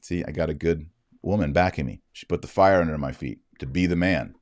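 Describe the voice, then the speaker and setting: A middle-aged man hosting a podcast, telling a story in a lively way and acting out the quoted dialogue. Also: extremely low pitch, brisk, no echo, clean studio sound. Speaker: podcast host. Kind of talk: casual commentary monologue.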